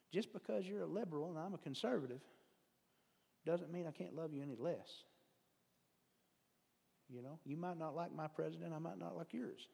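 A man's voice: a little high, creaky, mellow, husky. Folksy man preaching in an echoing hall. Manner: conversational, digressive, self-deprecating humor. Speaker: lay preacher. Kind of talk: folksy sermon. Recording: long hall reverb.

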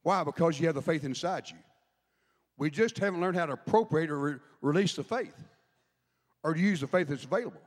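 A man's voice: fairly high pitch, brisk. A man preaching a sermon, chatty, asking the congregation questions as he goes. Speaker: pastor. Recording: long hall reverb.

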